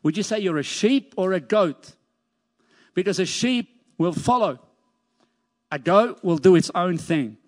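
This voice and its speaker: A man's voice: high voice, lively intonation, a little slow, long pauses. A man preaching a sermon as pastor, emphatic, repeating key phrases and lifting his voice on scripture. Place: church sanctuary. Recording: long church reverb.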